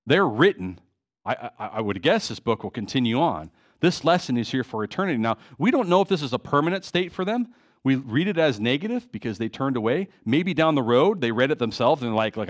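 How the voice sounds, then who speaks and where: A man preaching a sermon to his congregation in a church, emotional and impassioned, with frequent restarts. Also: mid-range voice. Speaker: pastor. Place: church hall.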